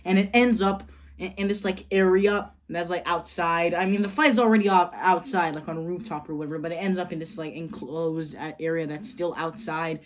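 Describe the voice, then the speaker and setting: Woman, low voice, excitable rambling fan pitch, loose and unscripted. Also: brisk. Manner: rambling, excited, heavy with fillers. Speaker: channel host. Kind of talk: casual fan pitch of a movie idea.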